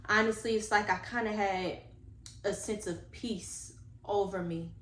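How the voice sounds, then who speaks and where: A woman tells a personal story to her viewers, earnest and animated as she talks to them directly. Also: mid-range voice, unhurried. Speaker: vlogger telling a personal story. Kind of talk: casual storytime monologue. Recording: echoey room with faint background noise.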